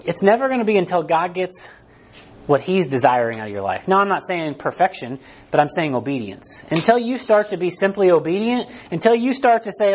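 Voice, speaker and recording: High-voiced man preaching conversationally. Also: animated, brisk, husky, lo-fi sound. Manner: conversational preaching, frequent "right?" tags, restarts. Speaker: pastor. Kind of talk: sermon.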